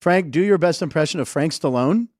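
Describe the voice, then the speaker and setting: A man's voice: a little high, animated, a little mellow, dry recording. A man hosting a sports comedy podcast from a studio desk, chatting casually with a jokey, rambling manner. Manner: jokey, rambling, quick asides. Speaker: host.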